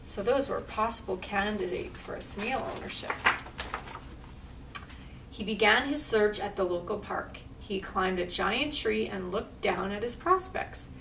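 A woman's voice: medium pitch, unhurried, vocal fry. A woman reading a picture book aloud at a library storytime, chatty and pointing at the pictures. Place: library room. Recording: distant mic, faint room noise.

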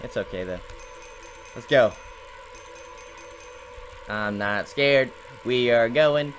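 A young man hosting a let's play, jumpy and shouting when startled, then taunting with slangy mock bravado. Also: medium pitch, takes it slowly, faint music behind. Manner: mock-brave taunting and slangy banter with viewers. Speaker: gaming video host.

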